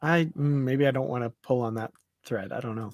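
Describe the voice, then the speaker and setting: A chatty man co-hosting a live online discussion, laughing easily and stumbling through fillers as he thinks aloud. His voice sits at an ordinary middle pitch. The sound is dry and close. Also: a little fast, a little mellow, no echo. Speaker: podcast co-host.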